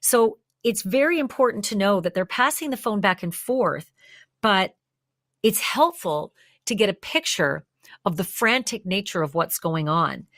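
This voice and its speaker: A woman's voice: mid-range voice, lively intonation, measured pace, fairly bright tone, no echo, studio quality. Woman talking through a true crime case. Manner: conversational, walks through evidence step by step; acts out quoted lines with more energy. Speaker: true crime channel host.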